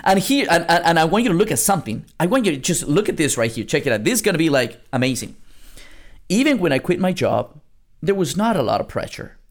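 Emphatic, blunt man with a gravelly voice. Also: a little high, big pitch swings, fast. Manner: emphatic, repeats lines for punch; blunt, casual, swears now and then. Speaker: network marketing coach and podcast host. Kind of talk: motivational podcast monologue.

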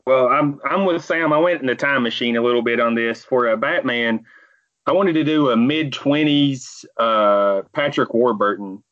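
A man's voice: mid-range voice, normal speed, fairly bright tone, no room sound. Easygoing man, dull lo-fi podcast sound. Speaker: podcast co-host. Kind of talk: casual chat.

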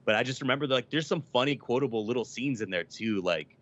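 A man's voice: mid-range voice, lively intonation, fast, fairly bright tone, no echo. A man in casual, rambling conversation, full of fillers and swearing. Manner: rambling, filler-heavy, profane. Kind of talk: casual chat about movies. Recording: dull lo-fi sound.

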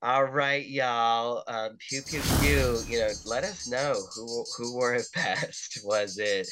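A man's voice: medium pitch, fairly even intonation, slow, heavy background noise. A man hosting a podcast in casual chat, playful as he reads film lines aloud. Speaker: podcast host.

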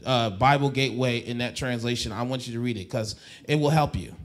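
A man's voice: mid-range voice, fairly quick. A male pastor preaching a sermon. He repeats and restarts phrases and calls on the congregation to answer back. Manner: swings from soft to loud exhortation.

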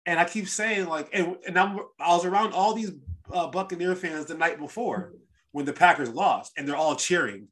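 A man hosting a casual sports podcast, telling stories in an animated, rambling way with lots of restarts. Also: a little high, normal speed. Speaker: podcast host.

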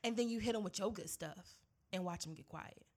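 Animated woman telling a story, lots of laughter. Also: medium pitch, fairly quick. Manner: animated storytelling, acts out quoted voices, laughs often; casual American slang, says y'all and girl. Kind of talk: casual chat.

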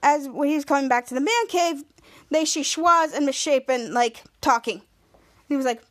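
Her voice sits high and moves at normal speed. She hosts a podcast and retells a TV episode casually, rambling on with lots of restarts and raising her voice whenever she quotes characters.

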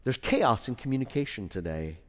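Man, pastor, conversational sermon, wry asides, medium pitch, long hall echo. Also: very animated, fairly quick. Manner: conversational, wry asides that drop low for serious points.

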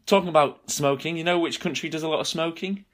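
A man's voice: on the high side, fast, fairly bright tone, faint music behind. A young man co-hosting a podcast in casual chat, giggly and often stumbling over his words. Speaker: podcast co-host.

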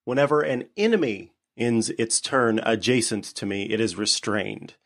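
A man playing a tabletop game, talking in a playful, expressive way. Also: lowish voice, moderate pace. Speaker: player.

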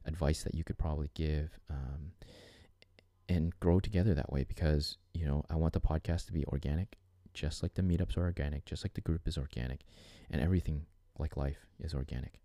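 A man with an extremely deep, dark voice hosts his own podcast, speaking earnestly and reflectively. His talk meanders, full of restarts and fillers. The recording is dry and close. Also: fairly even intonation, a little fast, dry recording. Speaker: podcast host. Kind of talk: reflective solo podcast monologue.

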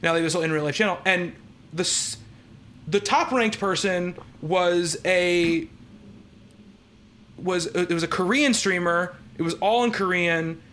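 A man's voice: sits high, unhurried, a bit bright, slight background noise. A man hosting a podcast, telling a story in casual chat with lots of fillers and restarts. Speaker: podcast host.

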